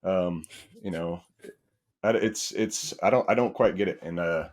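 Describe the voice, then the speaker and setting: Low-voiced man, lively storytelling. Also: unhurried. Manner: animated storyteller acting out quoted dialogue. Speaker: firefighter and real estate investor. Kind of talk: casual podcast conversation.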